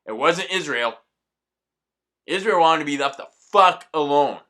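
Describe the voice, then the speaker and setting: A man's voice: a little high, lively intonation, measured pace, pushed and bright. A man delivering an angry, profanity-laced ranting monologue as a vlogger.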